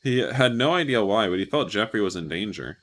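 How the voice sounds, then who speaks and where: A man's voice: on the low side, lively intonation, fairly quick, a bit bright. A man hosting a gaming video, reading a story game aloud and breaking in with wry, self-mocking jokes.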